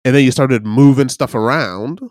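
A man's voice: mid-range voice, normal speed, darkish tone, dry recording, studio quality. A man co-hosting a podcast in casual chat, teasing his co-host and giving half-joking advice. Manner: teasing, gives advice, mock-soothing.

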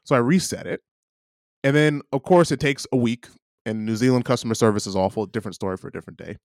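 A man's voice: medium pitch, quick pace, darkish tone. A man chatting casually as a podcast co-host, telling a story with animation and acting out both sides of an argument. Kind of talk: casual chat. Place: living abroad.

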